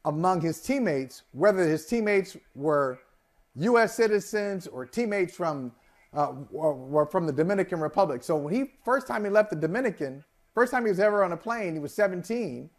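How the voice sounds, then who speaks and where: A man co-hosting a sports talk show, telling animated stories in casual chat and laughing along with them. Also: high-pitched, moderate pace. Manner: animated storyteller, laughs while telling anecdotes.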